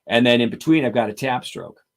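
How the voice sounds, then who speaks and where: Drum teacher counting strokes aloud. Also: male voice, mid-range voice, expressive, brisk, gravelly. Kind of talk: live-stream drum lesson and Q&A.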